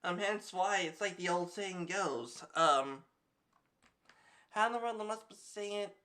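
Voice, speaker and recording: Streamer rambling over clips, bright sharp voice, lots of ums. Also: medium pitch, moderate pace. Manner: rambling, with fillers and laughs. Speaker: streamer reacting to videos. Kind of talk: casual reaction commentary.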